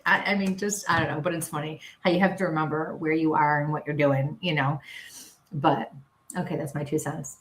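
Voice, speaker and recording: A woman's voice: medium pitch, moderate pace, roomy sound. A woman with a Western New York accent, co-hosting a casual live stream with chatty, laughing storytelling. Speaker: co-host, psychic medium.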